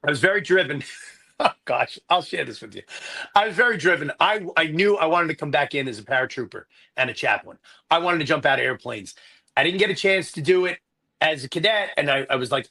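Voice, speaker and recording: Bright-voiced man in his fifties. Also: a little high, moderate pace. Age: 50s. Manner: animated, self-deprecating, many restarts. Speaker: Army chaplain and priest guest. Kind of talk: conversational storytelling.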